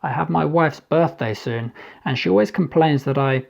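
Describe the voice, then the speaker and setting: A booming, good-humoured Ukrainian diplomat, as a male narrator puts him on, thick Ukrainian accent, talking with hearty laughter behind the words. The voice sits a little higher than plain narration. The recording is slightly dull and lo-fi. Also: moderate pace, creaky, darkish tone. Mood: jovial. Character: boisterous Ukrainian embassy man, jovial.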